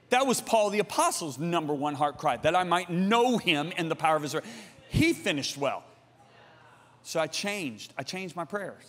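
In a big church auditorium with long reverb, a man in his sixties preaches in a high, ringing voice. Sharing his story in a sermon, he calls out to the congregation directly, shifting from loud appeals to almost hushed passages.

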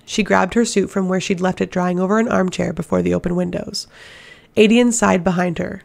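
A woman narrating a fantasy novel as an audiobook reader, in a steady, even reading voice. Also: lowish voice, a little fast, creaky.

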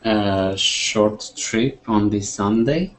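A man who is not a native English speaker, talking haltingly as a student in an online English class. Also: on the low side, slight background noise, rough recording. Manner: halting, searching for words.

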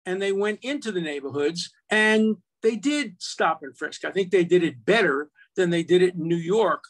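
A man's voice: high-pitched, expressive, moderate pace. An older man, an attorney and law professor, arguing emphatically in casual conversation with frequent restarts.

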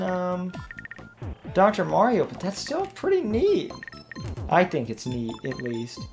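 A young man rambling through casual, self-deprecating commentary while playing a video game, often laughing at his own jokes. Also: fairly high pitch. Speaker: let's play gamer. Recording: game music playing underneath.

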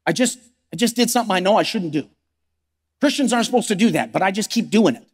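High-voiced preaching man in reverb. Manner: preaching with rhetorical questions, acting out the voices of struggling believers. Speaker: pastor. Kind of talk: sermon. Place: church sanctuary.

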